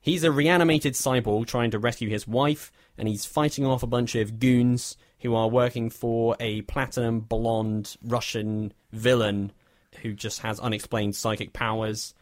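A man's voice: mid-range voice, fairly even intonation, unhurried, no echo, studio quality. A man, casually reviewing a film in a wry, rambling way. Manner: wry, rambling, self-deprecating. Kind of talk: casual chat.

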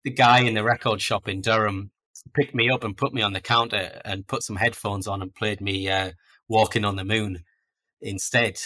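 Bright-voiced man telling stories. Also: fairly low pitch, steady tone, normal speed. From North East England. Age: 40s. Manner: chatty anecdotal storytelling, self-deprecating. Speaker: guest author. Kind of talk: casual podcast interview.

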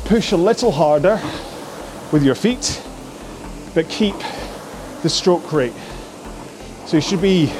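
A man coaching a rowing workout, chatty and jokey, talking while he rows on a machine. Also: sits high. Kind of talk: instructional workout talk.

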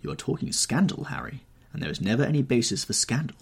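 Man voicing a nervous young gentleman, brooding, pleading, raised pitch, raspy, lively, audiobook. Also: quick pace, heavily acted. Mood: restless. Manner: anxious, pleading, melancholy.

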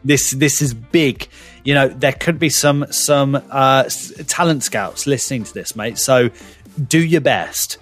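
A man's voice: medium pitch, measured pace, a bit bright, soft background music. A man, hosting a podcast game with playful, teasing banter. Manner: playful, teasing, sing-song emphasis. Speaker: podcast host. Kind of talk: casual game-show banter.

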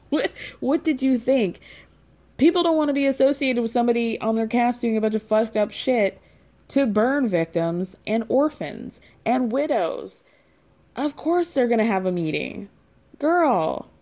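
Sarcastic woman recapping reality TV. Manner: sarcastic, blunt, swears freely; animated, rising to incredulous highs. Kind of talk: casual commentary recap.

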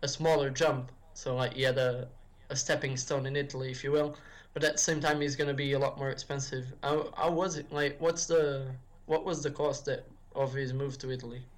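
A man's voice: mid-range voice, steady tone, brisk, few pauses. Rambling man chatting about football. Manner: rambling, many restarts and fillers like "if you will". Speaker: podcast guest. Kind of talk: casual football chat.

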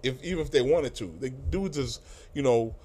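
A man's voice: mid-range voice, normal speed, darkish tone, husky. A middle-aged man tells stories in a casual interview. His voice sits in an ordinary middle register. He talks loosely, swears freely and often restarts his sentences. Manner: loose, profane, full of fillers and restarts. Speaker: music industry guest.

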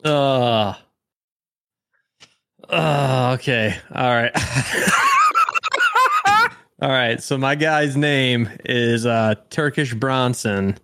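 A man's voice: mid-range voice, huge pitch swings, drawn-out words, long pauses, bright, forceful tone. A man in casual tabletop game chat who swears freely and is stoned. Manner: laughs often, swears freely.

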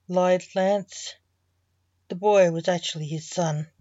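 Slow-reading woman storyteller. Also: fairly low pitch, fairly even intonation, warm tone, dry recording, highs cut off. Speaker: storyteller and podcast host. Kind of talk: reading her own short story aloud.

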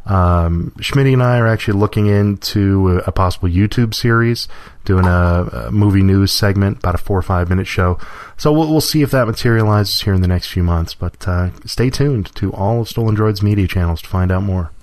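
A man's voice: low-pitched, a little fast, darkish tone, no room sound, clean studio sound. A man co-hosting a podcast, talking casually with wry, joking asides. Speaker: podcast co-host.

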